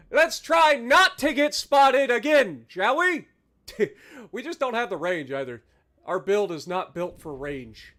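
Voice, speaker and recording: A male streamer commentating live gameplay with a very high, sharp and bright voice. He drags his words out slowly, bellows battle cries and taunts opponents with cheeky swearing in a hammy mock German manner. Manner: excitable, yelling battle cries. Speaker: game streamer.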